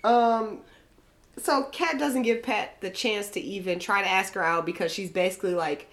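A young woman co-hosting a podcast in casual chat, animated and often laughing as she rants. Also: medium pitch, normal speed. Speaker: podcast co-host.

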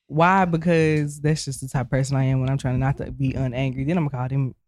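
A woman co-hosting a casual podcast chat, expressive and quick to laugh. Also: very deep voice, no room sound. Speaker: co-host.

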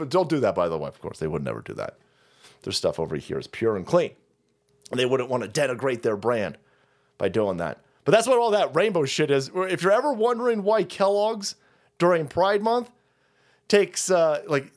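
A male livestream host rants with heavy profanity and sarcasm, breaking into laughs along the way. His voice sits a little high for a man. His pitch swings widely from line to line. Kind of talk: ranting livestream commentary.

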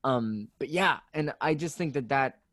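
A man co-hosting a casual podcast chat, relaxed and agreeable, often pausing on "uh" and "um". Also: medium pitch, no room sound, studio quality. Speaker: podcast co-host.

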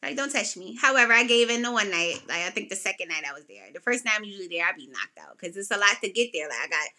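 A woman hosting a podcast, telling a personal story in a casual way and acting out what people said with sudden jumps in pitch. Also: very fast. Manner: animated, acts out quotes with big pitch jumps. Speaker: podcast host.

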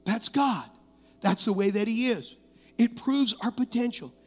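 A male pastor delivers a sermon with animated, storytelling energy. His voice sits very high for a man. It is recorded in a sanctuary whose long reverb trails after each phrase. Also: unhurried. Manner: animated storytelling preacher, laughing through stories. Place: church sanctuary.

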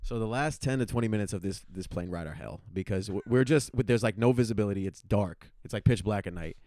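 A young man, co-hosting a casual podcast and telling a story in a profane, animated way. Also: lowish voice, fast talker, dry recording, studio quality. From New York. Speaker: podcast co-host.

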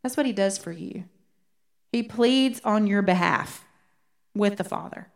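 A woman's voice: medium pitch, creaky. Earnest woman teaching scripture. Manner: earnest, rereads verses slowly for emphasis. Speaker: Bible study teacher. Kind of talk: teaching a Bible study.

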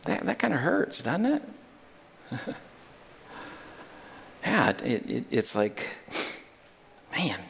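A man's voice: mid-range voice, very animated, slow, creaky, long pauses, a bit bright, breathy edge. A man preaching a sermon as pastor, emphatic, with joking asides and building intensity. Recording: long reverb of a large hall.

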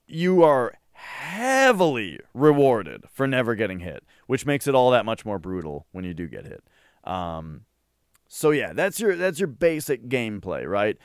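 A man in a casual podcast chat who rambles excitedly, with lots of fillers and restarts. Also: medium pitch, smooth, dry recording, clean studio sound. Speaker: podcast co-host.

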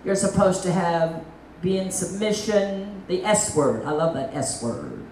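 A middle-aged woman evangelist gives a lively testimony sermon, full of folksy asides. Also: fairly low pitch, unhurried, a little hiss or hum. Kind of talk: testimony preaching. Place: church meeting hall. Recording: echoey hall, mic at a distance.

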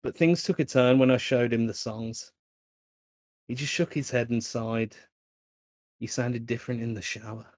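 A man co-hosting a podcast in casual chat, relaxed and swearing freely. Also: mid-range voice, normal speed, pauses often, no echo. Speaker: podcast co-host.

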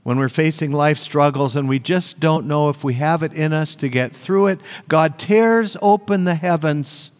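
A man's voice: fairly high pitch, moderate pace, hardly any pauses. A male pastor preaching a sermon, earnest and emphatic, repeating phrases for weight. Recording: long church reverb.

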